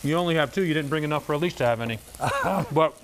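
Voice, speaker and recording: A man's voice: on the high side, lively intonation, fast, noisy background. A man hosting a live morning TV cooking segment, chatty and joking, talking while he eats. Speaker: morning TV news host. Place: TV studio kitchen.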